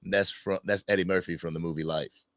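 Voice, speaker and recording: Here the livestream host is a man whose voice sits low and moves fairly quickly, recorded without room sound. Loose and lively, he hosts an unscripted fan stream and reads out names from the chat to greet viewers.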